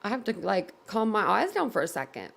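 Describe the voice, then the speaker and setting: A woman's voice: mid-range voice, huge pitch swings, brisk, gravelly, slightly rough. A woman hosting a casual live reaction stream, giggling constantly and laughing to tears. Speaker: livestream host. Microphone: computer at desk.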